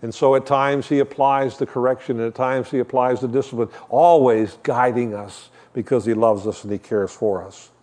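A man's voice: mid-range voice, steady tone, normal speed, hardly any pauses, a little mellow. An older man giving a sermon as a guest preacher, talking in a conversational way with joking asides while he shows shepherd props.

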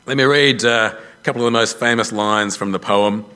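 A man preaching a sermon as a pastor, telling a story with lively self-deprecating humour. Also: on the low side, moderate pace, clear, resonant tone.

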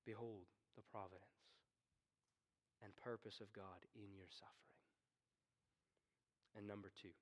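A man preaching a sermon, swinging from hushed, slow tones to stern, rising commands. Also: fairly low pitch, steady tone. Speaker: pastor.

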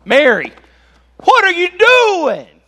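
A man voicing an exasperated mother scolding her son in a shrill, loud, drawn-out voice. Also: wildly swooping pitch, exaggerated voice.

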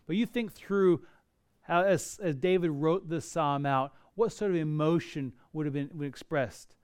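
A man's voice: fairly high pitch, measured pace, a little mellow, smooth. A man preaching a sermon, earnest and building to emotional intensity. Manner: earnest, rising to emotional intensity on quoted prayers.

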